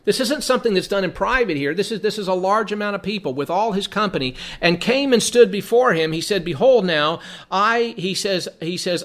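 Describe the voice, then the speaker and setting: A man's voice: sits high, expressive, brisk, few pauses, fairly bright tone. A man teaching from the Bible, reading passages aloud and then explaining them in a conversational way, often repeating words as he thinks.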